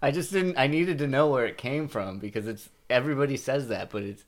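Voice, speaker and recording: A man's voice: medium pitch, fairly quick. A young man co-hosting a podcast, teasing his partner and laughing often. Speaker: podcast co-host. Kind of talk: casual podcast banter. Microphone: own studio microphone.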